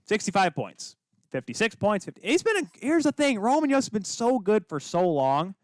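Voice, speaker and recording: A young man co-hosting a casual hockey podcast, arguing excitably and rattling off names. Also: high-pitched, no room sound, studio quality. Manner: excitable, rapid-fire arguing. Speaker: podcast co-host.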